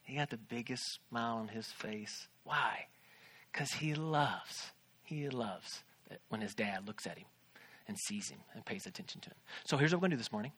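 A man's voice: mid-range voice, animated, moderate pace, a bit bright, husky. A man in his thirties, a pastor, preaching a sermon from a church stage in a conversational, joking way, with questions to the congregation.

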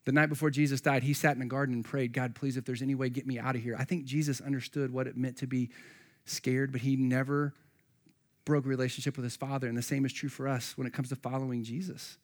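A man's voice: mid-range voice, quick pace. A man preaching a sermon, reading scripture and acting out the voices of the people in the story. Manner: animated, acts out voices of Bible figures. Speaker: pastor.

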